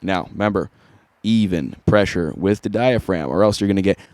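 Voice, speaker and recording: A man with a fairly low voice talks through a vocal lesson in a relaxed, casual way. The sound is dry and close, with no room echo. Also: moderate pace. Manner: casual, easygoing instruction. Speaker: vocal coach. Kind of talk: singing tutorial.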